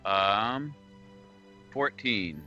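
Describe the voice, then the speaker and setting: Man, player, low pitch, very bright tone, casual and playful, faint background music. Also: expressive, very slow, muffled recording. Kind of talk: casual tabletop play.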